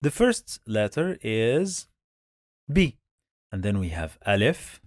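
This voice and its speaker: Male teacher, slow, dry close sound, repeats sounds for beginners. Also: fairly low pitch, very animated, dry recording. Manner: drills sounds by repeating them many times. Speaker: Arabic reading teacher. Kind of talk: slow step-by-step pronunciation lesson.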